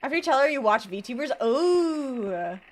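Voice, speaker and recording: A woman's voice: high voice, animated, measured pace. A young woman from the US Midwest streaming a game, chatting casually and reading chat aloud, drawling with a put-on southern twang. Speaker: VTuber streamer.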